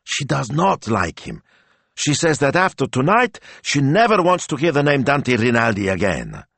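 A man's voice: lowish voice, sing-song, moderate pace, gravelly, no room sound, voice pushed up, full character voice. Man doing storybook assistant: eager, blunt young guy, raised voice, bouncy delivery, dry read. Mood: excited.

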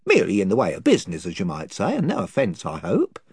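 Reader playing the chief of the invisible creatures: rambling, rustic, politely menacing, with wildly swinging pitch. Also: wildly swooping pitch, fast, vocal fry, darkish tone, breathy edge, dry recording, studio quality, heavily acted. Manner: rambling, folksy, servile yet menacing.

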